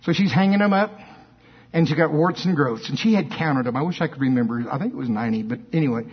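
A male preacher telling a story in an emphatic, animated sermon, with asides to the congregation. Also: a little high, quick pace, slightly rough. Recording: dull lo-fi sermon recording.

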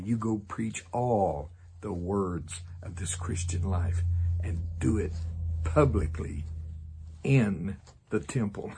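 A man's voice: on the low side, a little mellow, breathy edge. A man preaching a sermon, laughing often and making sarcastic asides. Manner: sarcastic, laughing, acts out voices.

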